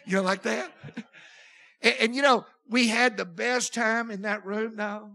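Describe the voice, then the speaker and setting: High-voiced older man preaching. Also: steady tone, a little slow, vocal fry, bright, forceful tone. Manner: emotional, folksy storytelling with repeated restarts. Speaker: pastor. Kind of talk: sermon storytelling.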